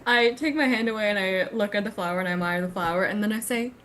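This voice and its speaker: A woman's voice: medium pitch, fast talker, a bit bright, a little hiss or hum. A woman playing in a tabletop role-play game, giggly, describing her character's actions in the first person. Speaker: player.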